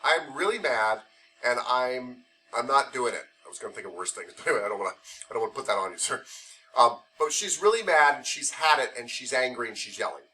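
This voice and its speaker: A man lectures a classroom of massage therapy students, easygoing and conversational, building his point through playful hypothetical stories. His voice is bright and forceful, sitting at an ordinary pitch. He sounds a little distant from the microphone. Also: animated, fast talker, slight background noise.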